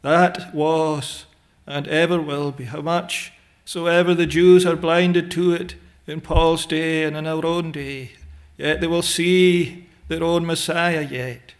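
A man preaching a sermon in a slow, deliberate way, pausing often with "eh" and quoting old scriptural phrasing. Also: a little high, fairly even intonation.

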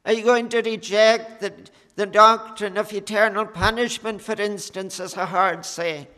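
A man preaching a sermon in an earnest, unhurried way, pausing often with fillers. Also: sits high, steady tone, sharp tone, in a large hall. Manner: slow, earnest preaching with many pauses and fillers.

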